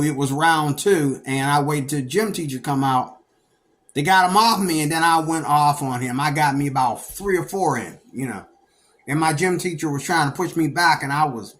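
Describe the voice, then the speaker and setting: A middle-aged man from Pennsylvania telling stories from his past in a rambling, animated way, breaking into loud bursts when he acts out what others said. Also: on the high side. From Pennsylvania, United States. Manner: rambling, animated, acts out quoted people with sudden loud outbursts. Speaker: storyteller recounting his past. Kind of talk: casual monologue.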